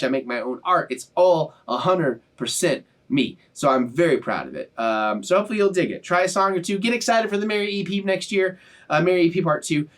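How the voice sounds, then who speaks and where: Speaking with a high-pitched, fairly bright voice, this young YouTube reaction host rambles emotionally to his audience, often restarting sentences in a casual, sincere tone. He's recorded somewhat far from the microphone.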